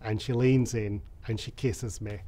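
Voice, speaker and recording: A man, telling his own story candidly and reflectively in an interview, with frequent soft fillers. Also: on the low side, fairly even intonation, a little slow. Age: 30s.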